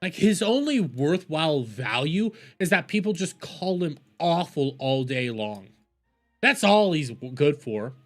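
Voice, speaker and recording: Heated high-voiced man ranting. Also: very animated, a little slow, faint music behind. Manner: profane, heated, mocking. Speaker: streamer reacting to videos. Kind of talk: ranting commentary.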